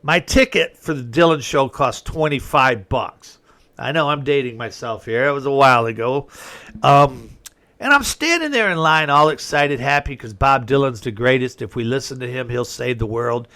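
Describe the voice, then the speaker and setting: A man's voice: medium pitch, normal speed, sharp tone. A middle-aged man hosting a talk show, giving a rambling, folksy opinion monologue that flares up when he gets indignant. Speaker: host.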